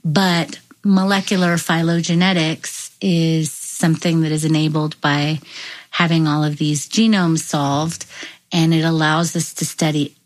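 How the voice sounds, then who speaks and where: Low-voiced woman scientist explaining. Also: unhurried, rough recording. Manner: animated, explanatory storytelling. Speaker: neuroscientist guest. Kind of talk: interview conversation.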